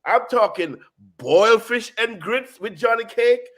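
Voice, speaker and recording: A man hosting a casual food chat, hyped and talkative, full of "you know" and "boom". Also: expressive, a little slow, fairly bright tone. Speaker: show host. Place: South Florida.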